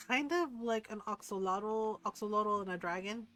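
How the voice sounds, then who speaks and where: A woman's voice: medium pitch, normal speed, fairly bright tone, soft background music. A woman streamer chatting casually over her gameplay, rambling with lots of fillers and giggling as she retells stories.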